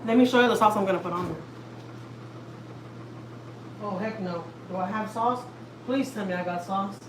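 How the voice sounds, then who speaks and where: A woman's voice: medium pitch, moderate pace, noisy background. A woman, chatting casually to viewers while cooking in her home kitchen. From Houston, Texas. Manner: chatty, talks straight to viewers, lots of "like" and "y'all". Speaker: family vlogger.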